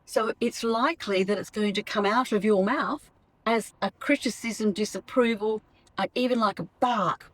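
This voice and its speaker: A woman's voice: medium pitch, moderate pace, rough recording. A middle-aged woman hosting a solo podcast on coaching couples, chatty, often acting out sample lines a partner might say.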